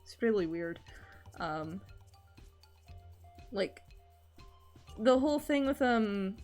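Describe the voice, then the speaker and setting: A woman with an Edinburgh-area Scottish accent talks loosely on a livestream while she draws, wandering through her points with plenty of "um" and "like" and the odd swear. Her pitch sits right in the middle for a woman. Soft music plays faintly behind her. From Scotland. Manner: rambling, filler-heavy, swears casually. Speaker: streamer. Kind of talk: casual livestream chat while drawing.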